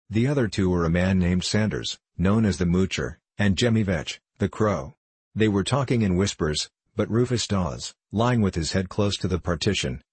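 A man narrating an audiobook in a steady, measured reading. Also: low-pitched, husky, no room sound.

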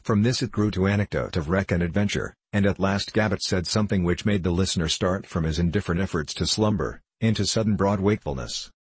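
A man narrating an audiobook in a steady, measured reading. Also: sits low, husky, no room sound.

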